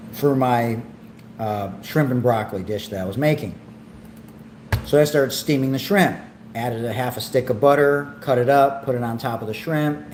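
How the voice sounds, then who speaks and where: A man hosting a casual cooking and eating livestream at home, talking in a relaxed, rambling way and getting excited about the food. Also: medium pitch, slight background noise. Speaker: livestream host. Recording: echoey room with faint ambience.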